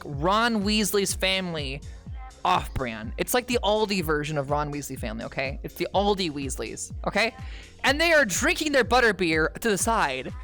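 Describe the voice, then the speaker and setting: A woman streamer telling a long, rambling story to her chat, with frequent "okay?" asides and sudden loud outbursts. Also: mid-range voice. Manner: bursts into loud shouting at punchlines.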